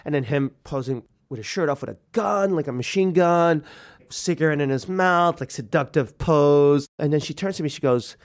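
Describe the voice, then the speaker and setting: A man in his thirties telling a personal story, animated and acting out the people he quotes. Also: fairly high pitch, moderate pace, gravelly. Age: 30s. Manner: animated, acts out quoted voices. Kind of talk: personal story told to a radio audience.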